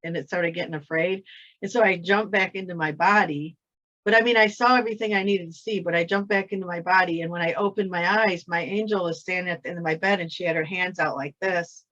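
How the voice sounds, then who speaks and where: A woman hosting a spiritual talk. She tells a personal story in a chatty, excitable way, laughs often, and repeats herself. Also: on the low side, fast. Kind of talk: casual storytelling chat. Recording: dull lo-fi audio.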